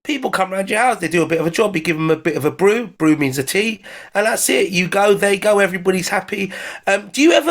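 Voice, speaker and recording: A man with an English accent talks in a cheeky, rambling way, his voice sitting high for a man. He teases his co-host and drifts off on tangents in loose, casual chat. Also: lively intonation, fast talker, fairly bright tone. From England. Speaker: foreign correspondent.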